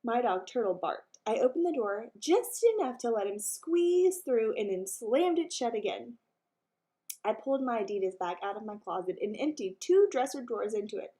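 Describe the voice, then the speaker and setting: Expressive woman teacher reading aloud. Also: a little high, normal speed. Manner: expressive storytelling. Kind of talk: reading a children's book aloud.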